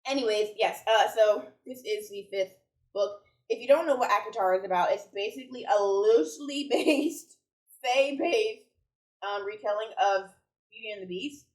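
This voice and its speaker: A woman's voice: medium pitch, normal speed. Chatty woman talking to a distant camera. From United States. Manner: chatty, rambling, enthusiastic, self-correcting. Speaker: book vlogger. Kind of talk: casual chat to camera. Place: home room with bookshelves. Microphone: camera a little way off. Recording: roomy sound from a distant mic.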